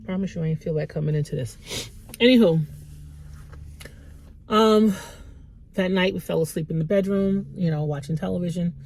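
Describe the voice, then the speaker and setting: Middle-aged woman, faith vlogger, gravelly fry in her voice, candid and rambling. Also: on the low side, normal speed, long pauses, a little mellow, slight background noise. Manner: candid, rambling, emotional, repeats herself. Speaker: Christian motivational vlogger. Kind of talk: heartfelt personal vlog.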